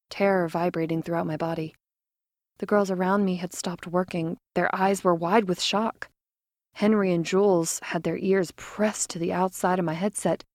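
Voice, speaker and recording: A woman narrating a first-person story with dramatic, expressive delivery, dropping to a whisper in tense moments. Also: medium pitch, no room sound, clean studio sound.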